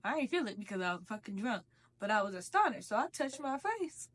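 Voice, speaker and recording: A woman's voice: mid-range voice, big pitch swings, fairly quick, fairly bright tone. A young woman telling a casual storytime while eating, in a slangy, profane, conversational way. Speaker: vlogger.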